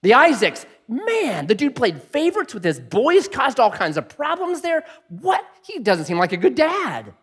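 A man in his thirties preaching a sermon, telling a family story with animated, self-deprecating humor. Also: very high voice, normal speed, hardly any pauses, husky. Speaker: pastor.

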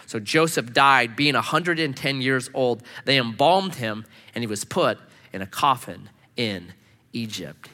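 A man preaching a sermon as pastor, animated and casual, acting out quoted speech with slangy asides. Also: medium pitch, a little slow. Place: church sanctuary. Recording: long reverb of a church hall.

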